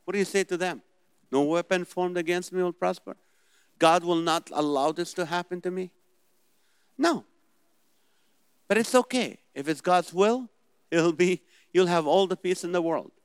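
A man's voice: high-pitched, moderate pace, pauses often, clean tone, no echo. A man preaching a sermon, asking rhetorical questions and mimicking worried voices. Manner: animated, rhetorical questions, mocking imitations of worried people. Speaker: pastor.

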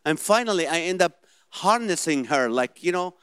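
A middle-aged man with a heavy Middle Eastern accent, telling comedic stories in an animated way and acting out the dialogue. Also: a little high, moderate pace, smooth, no echo, clean studio sound. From Middle East. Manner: animated storytelling, acts out dialogue. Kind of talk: stand-up comedy set.

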